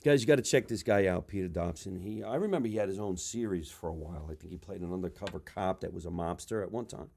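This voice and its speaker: A middle-aged man, hosting a comedy podcast with loud, animated chat, swearing freely and acting out voices in his stories. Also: sits low, quick pace, vocal fry, hardly any pauses. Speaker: podcast host.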